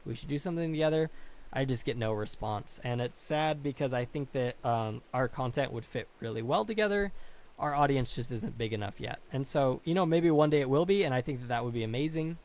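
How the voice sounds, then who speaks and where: A man's voice: medium pitch, a little fast, darkish tone. Rambling, self-deprecating young male streamer. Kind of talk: casual live-stream chat.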